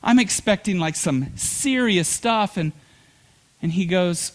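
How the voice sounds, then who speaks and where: A middle-aged male pastor preaching a sermon, telling humorous stories with lively, animated delivery. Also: high voice, a little slow.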